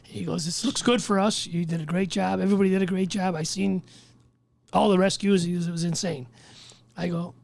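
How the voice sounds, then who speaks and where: A man, a firefighter guest, telling his story in casual podcast chat, animated and swearing as he acts out what others said. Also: high-pitched, fairly quick, gravelly. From Chicago.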